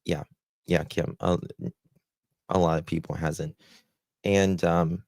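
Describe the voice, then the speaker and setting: Slow, gravelly low-voiced man hosting a live stream. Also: fairly even intonation, darkish tone, dry recording. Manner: slow, heartfelt, greets viewers by name with endearments. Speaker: livestream host. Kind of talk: live stream chat with viewers.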